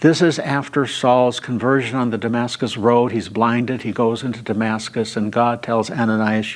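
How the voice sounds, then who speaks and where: Unhurried man teaching a Bible study. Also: mid-range voice, fairly even intonation. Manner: unhurried retelling with frequent "uh" fillers.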